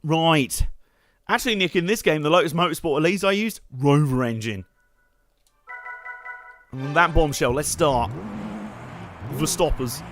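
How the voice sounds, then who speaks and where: A man giving joking, excitable live commentary while playing a racing game and chatting to his viewers. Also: fairly high pitch, a little slow, long pauses, soft background music. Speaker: streamer. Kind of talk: live let's-play commentary. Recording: game car noise underneath.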